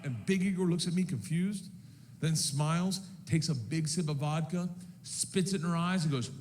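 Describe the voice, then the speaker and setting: A man doing stand-up storytelling, animated and loud, shouting his punchlines, on a noisy live recording. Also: on the high side, moderate pace. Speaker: stand-up comedian.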